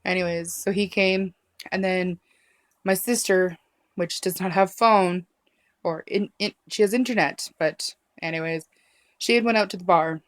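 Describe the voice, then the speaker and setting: A woman telling a personal story to camera in a halting, emotional way, with many fillers and restarts. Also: on the low side, no room sound. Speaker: vlogger.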